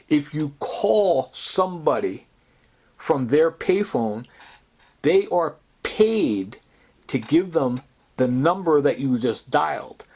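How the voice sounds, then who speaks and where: A man's voice: fairly high pitch, a little mellow. A man telling a long, rambling story in an agitated way, often quoting other people's words. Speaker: storyteller recounting personal grievances. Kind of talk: rambling recorded monologue.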